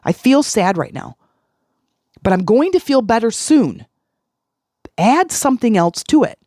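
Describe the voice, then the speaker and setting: A middle-aged podcast host coaching listeners through a self-help talk. The delivery is earnest, circling back to the same phrases to stress them. The voice sits at a middling pitch and sounds dry and close, with no room around it. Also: very animated, measured pace, warm tone, dry recording. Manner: earnest, repeats key phrases for emphasis.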